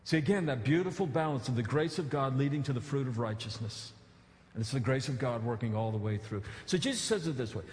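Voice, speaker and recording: A man preaching a sermon in a church, his voice ringing out with a long reverberant tail. He builds earnest, emphatic appeals, then slips into relaxed conversational asides. A mid-pitched voice carried through a roomy sanctuary. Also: fast talker. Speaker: pastor. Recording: echoey church hall.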